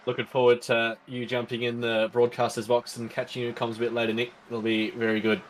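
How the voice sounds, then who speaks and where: A man commentating a sim race live, relaxed and joking with his co-hosts. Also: mid-range voice, brisk, a little hiss or hum.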